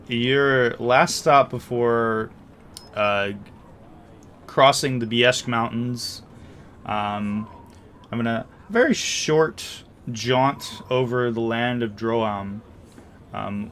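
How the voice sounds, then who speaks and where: A man narrating a tabletop game as game master, with frequent pauses and fillers. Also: mid-range voice, a bit bright, slight background noise. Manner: hesitant, filler-heavy narration.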